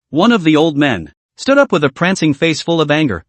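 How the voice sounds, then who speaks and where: A man reads a scripted story recap in a steady way. His voice sits a little high and moves widely in pitch. The recording is dry, with no room sound. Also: fairly quick, hardly any pauses, no room sound. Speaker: narrator.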